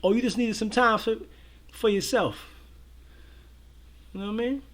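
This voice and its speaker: A high-voiced man chats easily with his viewers, full of slang and strings of yeah, yeah. His talk is loose and relaxed, the style of a casual livestream co-host. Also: moderate pace. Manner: laid-back, slangy, many repeated fillers. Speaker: co-host of a reaction show.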